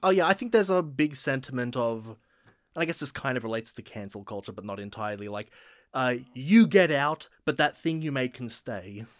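A man with an ordinary mid-range voice co-hosts a relaxed movie podcast. He answers slowly and thoughtfully, trailing off as he searches for words. The recording is close and dry. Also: mid-range voice, no room sound. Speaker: podcast co-host. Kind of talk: casual movie chat.

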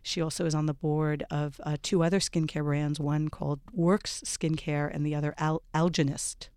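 A woman's voice: low voice, level tone, moderate pace, clean tone, no echo. A middle-aged woman hosting a radio talk show, introducing guests in a chatty way full of ums and uhs. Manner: warm, chatty introductions with many fillers.

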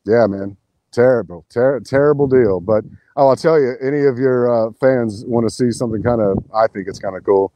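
A man's voice: medium pitch, a little fast, dry recording. A man talking casually as a podcast guest, telling a rambling story full of restarts and swearing. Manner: rambling, restarts, profane, animated retelling.

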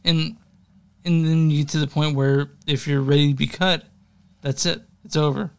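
A man's voice: on the high side, fairly even intonation, normal speed, clear, resonant tone. A young man co-hosting a music podcast, rambling casually, laughing often and swearing offhand. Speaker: podcast co-host.

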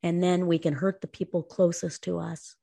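A woman co-hosting a talk show, telling a personal story in an earnest, lively way. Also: lowish voice, normal speed, vocal fry. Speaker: co-host. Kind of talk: casual podcast talk.

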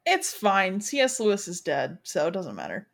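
A woman's voice: medium pitch, huge pitch swings, moderate pace, vocal fry. A young woman hosting a book podcast, chatting casually with blunt, wry opinions and reading passages aloud. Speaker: podcast host.

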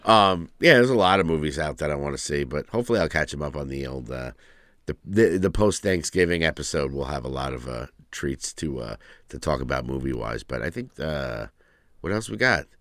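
A man co-hosting a podcast in loose, profane chat, restarting his sentences often. His voice is very deep, but his pitch swings widely. The sound is dry and close. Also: animated, a little fast, fairly bright tone, dry recording. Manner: rambling, profane, full of restarts. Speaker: podcast co-host. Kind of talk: casual chat.

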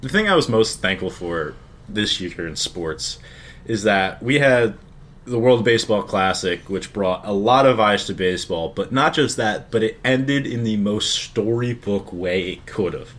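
A man's voice: fairly low pitch, unhurried, fairly bright tone. A man co-hosting a casual sports podcast, talking earnestly and with enthusiasm. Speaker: podcast co-host.

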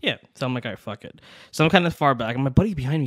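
A young man co-hosting a podcast, telling a personal story in a casual, animated way and acting out what people said. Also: medium pitch, very fast, no echo, studio quality. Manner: animated, acts out quotes with swearing and laughs. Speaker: podcast co-host.

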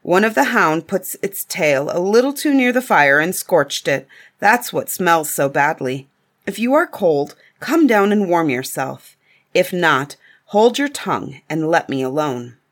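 A woman's voice: fairly low pitch, big pitch swings, unhurried, a bit bright, full character voice. A woman voicing a bold young prince in a storybook reading, speaking firmly and plainly.

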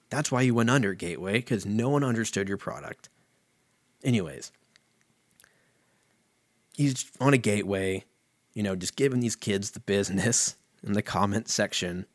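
Male podcast host, slightly low voice, swears a lot, rambles and jokes at his own expense, a bit tipsy. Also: normal speed, pauses often, no room sound, clean studio sound. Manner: profane, rambling, self-mocking. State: tipsy from whiskey. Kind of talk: casual podcast chat reading a comment aloud.

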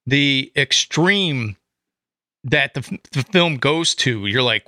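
A man chatting excitedly about a horror movie, swearing often and acting out his own reactions. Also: mid-range voice, slow pace, no room sound, clean studio sound. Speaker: podcast co-host. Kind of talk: casual movie discussion.

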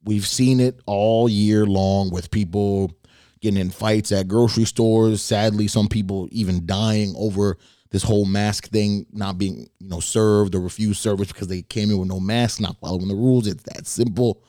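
A man's voice: fairly low pitch, fairly even intonation, moderate pace, mellow, dry recording, studio quality. A man hosting a podcast, telling a story in a laid-back, wry way and swearing casually. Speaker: podcast host.

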